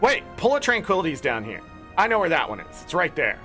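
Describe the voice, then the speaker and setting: A man's voice: on the high side, wildly swooping pitch, quick pace, pushed and bright, faint music behind. A young man streaming a video game, swearing and ranting in an exasperated way while he plays. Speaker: gaming streamer. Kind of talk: casual gameplay commentary.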